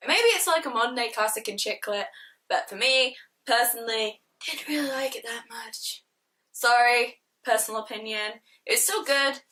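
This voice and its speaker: A woman's voice: a little high, bright, forceful tone, low-quality recording. A woman from Shropshire chatting casually through book reviews in a gushing, slangy, self-mocking way. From Shropshire, England. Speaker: book vlogger.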